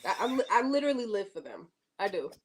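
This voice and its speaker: A woman co-hosting a casual podcast chat, animated and emphatic, often repeating herself. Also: medium pitch, quick pace, rough recording. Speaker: podcast co-host.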